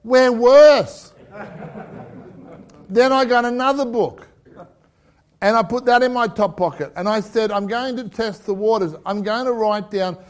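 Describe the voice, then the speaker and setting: Aussie bloke preaching, middle-aged, high voice, cracks jokes and tells stories. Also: male voice, a little slow, pauses often. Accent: Australian. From Australia. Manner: jokey, storytelling, laughs at his own lines. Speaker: pastor. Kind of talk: humorous sermon with stories.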